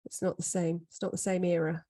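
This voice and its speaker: A woman's voice: lowish voice, fairly quick. Chatty woman co-hosting. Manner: chatty, animated storyteller. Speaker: podcast co-host. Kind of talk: casual chat.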